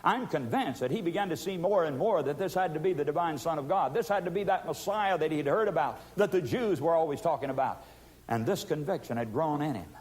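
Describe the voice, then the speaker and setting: A man preaching a sermon, pleading with emphatic force and then dropping to hushed tones. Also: fairly high pitch, lively intonation, fairly quick.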